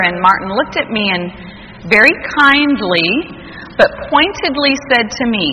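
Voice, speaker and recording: A woman's voice: a little high, expressive, a little slow, bright, forceful tone. Guest speaker, middle-aged woman, earnest storyteller, long hall echo, faint noise behind. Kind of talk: personal testimony talk.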